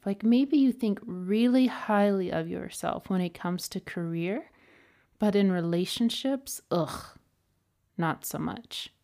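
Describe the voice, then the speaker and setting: A woman's voice: mid-range voice, a little slow, mellow. A woman hosting a podcast, talking through a motivational monologue in a chatty storytelling way with lots of fillers. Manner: chatty, self-help storytelling with many fillers. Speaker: podcast host.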